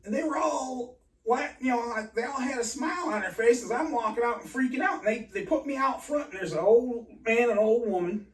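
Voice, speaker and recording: A man telling a rambling personal story in an agitated, halting way, full of restarts and swearing. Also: extremely high pitch. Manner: profane. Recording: roomy and distant from mic.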